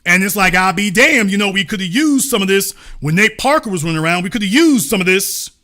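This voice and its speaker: This host, a middle-aged man, runs a live-streamed commentary monologue with a high, animated, fast voice and a sharp edge. His delivery is emphatic and repetitive, rolling along like a preacher's, with casual swearing mixed in.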